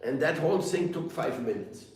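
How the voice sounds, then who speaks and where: A man giving a sermon as a spiritual teacher, telling stories playfully with laughter and quick mock voices. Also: on the high side, lively intonation, a little mellow. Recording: roomy echo, heard from a distance.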